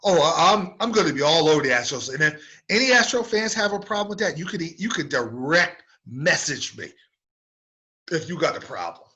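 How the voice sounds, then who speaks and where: A man's voice: a little high, very animated, moderate pace, bright, forceful tone, lo-fi sound. A man hosting a sports radio show, delivering an opinionated, emphatic monologue that repeats words to stress a point.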